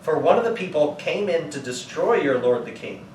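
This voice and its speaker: Pastor in an echoey church from a distance. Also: male voice, fairly high pitch, expressive, normal speed, darkish tone, slight background noise. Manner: conversational, retells scripture in everyday words. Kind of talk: sermon teaching.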